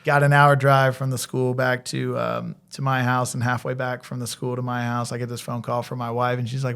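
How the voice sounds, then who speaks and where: An American man, a former softball coach now running a college athletic program, talks through his career in a relaxed interview. He tells stories with energy and acts out the dialogue. His voice sits in an ordinary middle pitch. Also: a little fast, vocal fry, hardly any pauses, clean tone. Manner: animated storyteller, acts out quoted dialogue. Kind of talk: casual interview storytelling.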